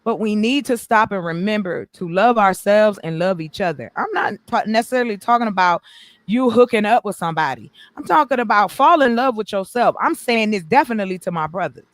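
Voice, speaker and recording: A woman hosting a casual live stream, animated and joking, swearing freely. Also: medium pitch, brisk, no room sound. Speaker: stream host. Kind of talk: casual chat.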